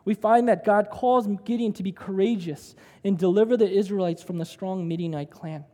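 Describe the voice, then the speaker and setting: A man's voice: high-pitched, moderate pace, mellow. Man preaching in a reverberant hall. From United States. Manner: conversational storytelling with frequent "right?". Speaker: pastor. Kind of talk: sermon.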